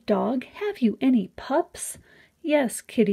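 A woman reads a children's picture book aloud, slow and unhurried, with a warm, mellow tone. Her voice is a little breathy, and she lifts it in a sing-song way on each animal sound. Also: on the high side, lively intonation.

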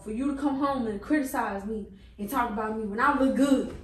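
Young woman, prank host, lowered tough voice, teasing, in a roomy room with the mic far away. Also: brisk. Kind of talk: casual prank banter. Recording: roomy room, voice from a distant camera.

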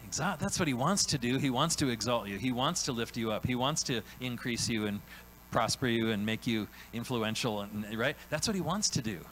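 Animated preacher man asking "right?". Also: mid-range voice, brisk, few pauses, slight background noise, low-quality recording. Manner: animated, acts out God's voice in quotes, frequent "right?" tags. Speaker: pastor. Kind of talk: sermon. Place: church sanctuary.

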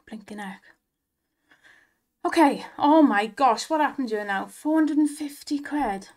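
A young woman hosting a slot-win video, gushing and giggling in excited commentary. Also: high-pitched, normal speed.

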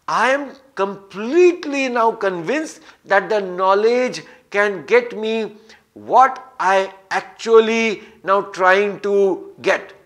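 A man's voice: high-pitched, a bit bright. A man giving a scripture lecture, telling stories and repeating phrases for emphasis. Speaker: spiritual teacher.

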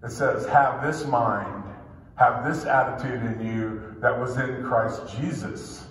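A man's voice: medium pitch, steady tone, slow, slight background noise. A male pastor giving an emphatic sermon, drawing out key phrases and repeating refrains. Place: church sanctuary. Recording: echoey hall, voice from far off.

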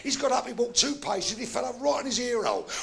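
Gravelly older Cockney comedian, lively pitch. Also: male voice, quick pace. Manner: animated, bawdy yarn-spinning with shouted sound effects. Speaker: stand-up comedian. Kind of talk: live stand-up storytelling. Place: live comedy venue.

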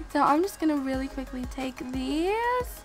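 A sick woman giving excitable let's-play gameplay commentary as a channel host, gasping and exclaiming and talking straight to her viewers. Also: high voice, moderate pace, music in the background. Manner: excitable, gasps and exclaims, addresses viewers directly.

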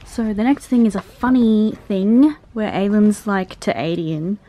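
Mellow-voiced young woman book vlogger. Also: mid-range voice, unhurried, few pauses. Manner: chatty, giggly and gushing. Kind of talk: casual reading vlog chat.

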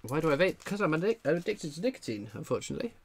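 A man's voice: a little high, big pitch swings, racing. Guy doing a chill livestream, reading chat out, dry jokes, lots of uhs, bit of faint background noise. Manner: dry, understated humour; frequent filler "uh" while scanning chat. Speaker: livestream host. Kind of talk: casual livestream chat reading viewer comments.

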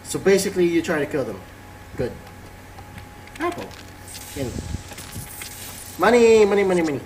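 A man's voice: sits high, very animated, moderate pace, a little mellow, slight background noise, low-quality recording. A man giving casual, playful commentary while playing a game, musing to himself and reading game text aloud. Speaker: let's play host. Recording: voice over game music.

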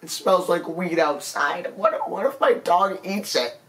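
A man plays up a fake-tearful apology in a slow, drawn-out delivery. He stammers through every sentence, pleading and self-pitying. His fairly high voice keeps jumping into squeaky cracks. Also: slight background noise. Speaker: comedy vlogger. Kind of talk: mock-serious apology monologue.

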